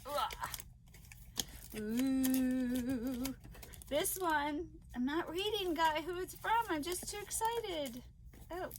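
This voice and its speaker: A woman with a very high voice talks slowly and unhurriedly, gushing over each thing she unwraps. She gasps often and sounds thrilled, speaking straight to her viewers in a casual crochet vlog. A faint hiss of noise sits under her voice. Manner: gushing and excitable, gasping often. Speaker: crochet vlogger. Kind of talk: casual unboxing chat to viewers.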